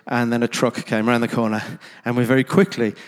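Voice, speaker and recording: A man of middle pitch talks to a gathered crowd in an easy, rambling way, with ums and wry asides at his own expense. His voice rings out with the long reverb of a large hall. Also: flat delivery, quick pace. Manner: rambling and conversational, with many ums and self-deprecating asides. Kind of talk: informal anecdotal talk to a gathered audience.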